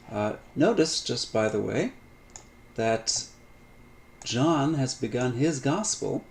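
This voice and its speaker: A man lecturing on Greek grammar in a relaxed, unscripted way, with many fillers, restarts and light asides. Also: mid-range voice, gravelly, slight background noise. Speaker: Greek instructor. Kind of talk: recorded lecture.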